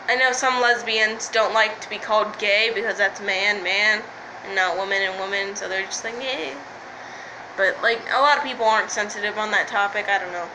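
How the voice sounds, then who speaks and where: A woman's voice: mid-range voice, background noise. A woman talking straight to camera in a candid vlog, frustrated and rambling, swearing freely and often apologizing. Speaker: vlogger. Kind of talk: candid, unscripted vlog monologue.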